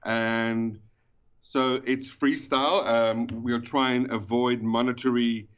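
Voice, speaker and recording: A man with a South African accent, a guest in a podcast interview, explaining at length with pauses and fillers. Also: mid-range voice, little pitch movement, smooth. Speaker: guest, event organizer. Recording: dull, lo-fi sound.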